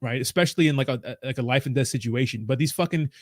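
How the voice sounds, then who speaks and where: A medium-pitched man talks fast while hosting a crypto livestream from a small home studio. He rambles and rants casually, swearing constantly, with no echo on the sound.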